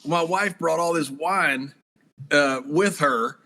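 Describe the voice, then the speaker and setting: Guest storyteller: man, higher-set, bright voice, relaxed anecdotes. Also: slow. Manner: animated anecdotes, swearing, acting out voices. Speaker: guest, former wrestler and commentator. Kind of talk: casual storytelling.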